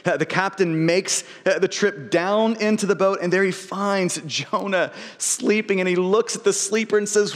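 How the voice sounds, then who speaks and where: Male pastor, high register, earnest sermon delivery with stumbling repeats; long hall reverb. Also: normal speed, hardly any pauses. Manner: earnest, frequent word repeats and restarts.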